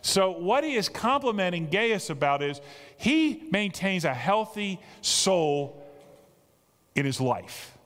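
A male pastor delivers a sermon with a lively, swooping delivery and a voice sitting a little high for a man. He leans hard on key phrases and climbs toward excited peaks. The sound carries the long reverb of a large church hall. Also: takes it slowly. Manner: animated and emphatic, building to excited peaks.

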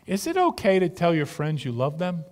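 Earnest preacher in a reverberant hall. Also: male voice, a little high, huge pitch swings, moderate pace. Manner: earnest, conversational preaching with repeated words. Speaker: pastor. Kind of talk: sermon. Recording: long reverb of a large hall.

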